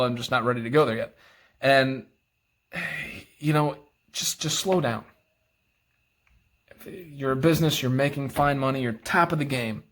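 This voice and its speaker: Speaking straight to camera, a knife collector vlogger vents in a casual, profanity-laced rant. His middle-pitched voice rambles, stumbles over words, and loops back, with occasional self-deprecating, apologetic asides.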